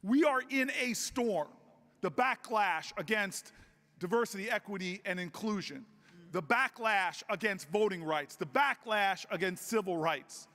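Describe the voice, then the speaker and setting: A man giving a convention speech, telling a story and building up to shouted rallying calls. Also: sits high, lively intonation, measured pace. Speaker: political speaker. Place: large convention hall. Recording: long hall reverb.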